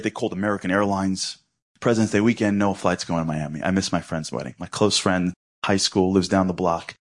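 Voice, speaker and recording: A man from tells a personal story. He talks in a lively, joking, conversational way, with a slightly low voice. He is middle-aged. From Brooklyn, New York. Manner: lively, conversational, quick asides and humor. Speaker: inspirational speaker. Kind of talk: storytelling talk.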